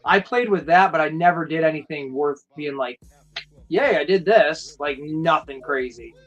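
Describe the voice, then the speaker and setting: A young man hosts a casual live stream, his voice sitting high. He rambles freely, swears often and laughs easily. Faint music plays behind him. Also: a bit bright, muffled recording. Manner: profane, rambling, quick to laugh. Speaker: host.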